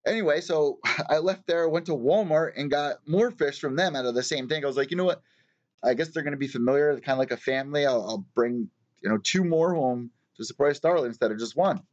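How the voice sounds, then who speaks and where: A man's voice: a little high, brisk, lo-fi sound. A man hosting a live show, telling a rambling story in casual, profane chat. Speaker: host of a live news show.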